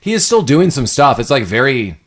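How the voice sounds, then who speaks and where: A man's voice: mid-range voice, very animated, a little fast. Man, podcast co-host, casual rambling movie recap, acts out scenes.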